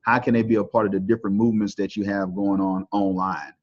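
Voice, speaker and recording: A man's voice: on the low side, level tone, fast talker, darkish tone. A man with a Texan accent hosting a podcast interview, talking in a loose, folksy, upbeat way with plenty of fillers. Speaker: podcast host. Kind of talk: casual interview talk. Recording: dull lo-fi audio.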